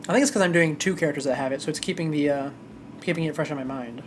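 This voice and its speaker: A streamer with a mid-range voice talks at a racing pace while chatting casually through a live game playthrough, with slight background noise. They ramble and correct themselves mid-thought with self-correcting asides.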